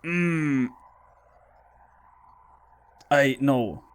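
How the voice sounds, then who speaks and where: A man's voice: mid-range voice, extremely slow, clean tone. A frightened man commentating a horror game playthrough, pleading with the game and talking to himself. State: scared, shaky. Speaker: gaming YouTuber.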